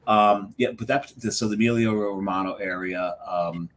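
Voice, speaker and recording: A man's voice: fairly low pitch, steady tone, normal speed, fairly bright tone. A man hosting a casual talk show, telling rambling stories and laughing often. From United States. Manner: chatty, rambling storyteller who laughs often. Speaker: host. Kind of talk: casual chat.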